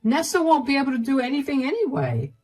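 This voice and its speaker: A woman voicing a smug, entitled brother-in-law who waves off complaints quickly and dismissively. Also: high voice, sing-song, darkish tone, slight background noise, pitched above the performer's own voice.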